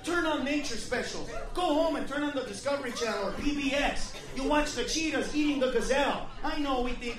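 A man doing a brash, profane stand-up comedy set in a comedy club, shouting at the crowd. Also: extremely high pitch, brisk, hardly any pauses, music in the background. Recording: echoey live club from a distance. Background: audience laughter.

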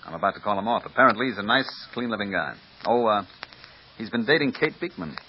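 Man as a businesslike cop, lower voice, old radio play. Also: animated, fast talker, natural voice. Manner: matter-of-fact, businesslike. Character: brisk middle-aged police lieutenant. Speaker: police lieutenant. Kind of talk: 1950s radio drama acting. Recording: muffled old radio recording with hiss.

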